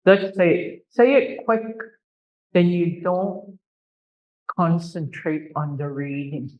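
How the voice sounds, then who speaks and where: In a dull, lo-fi classroom recording, a language teacher with a mid-range, steady voice slowly leads a pronunciation lesson, drilling words through repetition, patiently correcting students, and teasing them good-humouredly.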